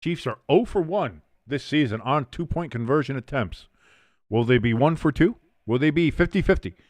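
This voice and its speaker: On a watch-along stream, a young man casually narrates the plays and reads viewer comments in the gaps, his excitable energy spiking on big plays. He speaks at a moderate pace in a mid-range voice, recorded dry.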